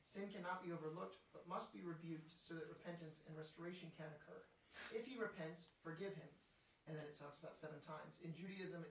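A man's voice: on the high side, a little hiss or hum. A man in a casual group Bible discussion, explaining a passage from his study Bible. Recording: very echoey room, mic at a distance.

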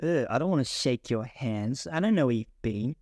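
A man's voice: medium pitch, expressive, moderate pace, a little mellow, no room sound, studio quality, natural voice. A man playing a snooty beach girl. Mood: disgusted. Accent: put-on American. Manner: snooty, brushing off. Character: dismissive young woman at the beach.

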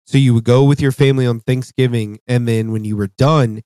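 A man's voice: mid-range voice, steady tone, brisk, warm tone, smooth, dry recording. A man co-hosting a podcast in casual, profane, rambling chat, tired and yawning. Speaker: podcast co-host.

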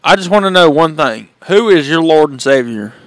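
A man's voice: on the high side, expressive, moderate pace, dry recording. A man co-hosting a casual podcast chat, preaching about his faith eagerly. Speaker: podcast co-host.

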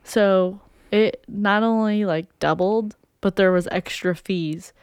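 A young woman co-hosting a podcast tells a story in casual chat, playing out what people said like a chatty storyteller. Her mid-range voice is slow, a little mellow, clear and resonant, captured dry in a clean studio.

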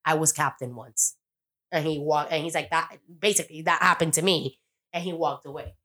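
A woman's voice: low voice, fairly even intonation, fairly quick, fairly bright tone. A woman casually recapping a TV episode on a podcast, rambling, swearing freely and acting out the characters' lines. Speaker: podcast co-host.

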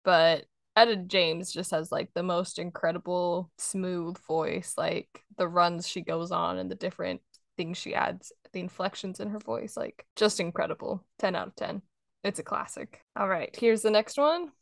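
A young woman talks music at an unhurried, thoughtful pace and introduces each new song. Her tone has a gravelly fry, recorded close and dry with no room sound. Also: lowish voice, fairly even intonation, dry recording. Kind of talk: casual chat reviewing songs.

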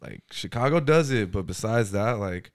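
Lower-voiced young man, playful storyteller. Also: moderate pace, dry recording, clean studio sound. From Southern California. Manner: animated storyteller, playful, swears freely. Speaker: podcast guest. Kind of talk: casual podcast chat.

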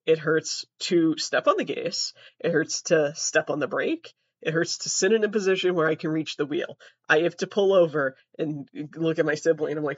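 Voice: medium pitch, a little fast, breathy edge, dry recording. A young adult trans comedy podcaster telling stories in a profane, rambling, self-mocking way. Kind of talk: comedic storytelling. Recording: dull, dry lo-fi audio.

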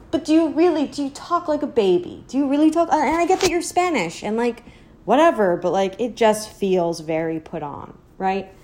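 A young woman hosts a podcast, delivering a casual, sardonic opinion monologue in a slightly mellow voice with a little background noise. She rambles, says "like" constantly, and mocks people she quotes by slipping into a high baby voice.

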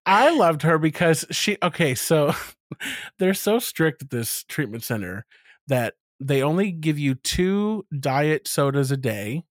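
A man's voice: on the high side, very animated, takes it slowly, dry recording, clean studio sound. A man co-hosting a podcast in casual chat, candid and self-mocking, who laughs often and acts out what other people said. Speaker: podcast co-host.

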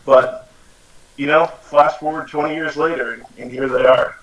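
A man's voice: mid-range voice, brisk, a crowd in the background, rough recording. A man in his forties from the United States, a podcast guest chatting casually and quoting himself as he tells stories. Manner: relaxed storyteller, quotes himself often. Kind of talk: casual interview chat.

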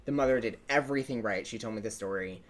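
A man's voice: fairly low pitch, fast, slight background noise. A man in his twenties with a slight lisp, co-hosting a casual chat and telling stories with lots of fillers and laughs. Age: 20s. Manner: lively storyteller, laughs often, many fillers. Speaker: podcast co-host.

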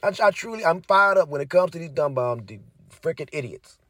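Fired-up man ranting, raised pitch. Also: lively intonation, a little fast, fairly bright tone, dry recording, clean studio sound. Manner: heavy cursing, fired up, repetitive. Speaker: commentator. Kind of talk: heated casual rant to viewers.

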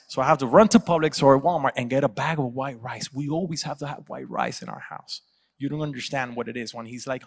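A man's voice: medium pitch, a little fast, fairly bright tone, husky. Storytelling pastor man in echoey church. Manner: storytelling, acting out quoted voices. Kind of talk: sermon.

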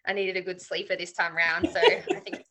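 A woman's voice: lowish voice, fairly even intonation, fairly quick, pushed and bright, slight background noise. A woman in her thirties with an Australian accent, a guest chatting candidly in an interview, with many fillers. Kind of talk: casual interview chat.

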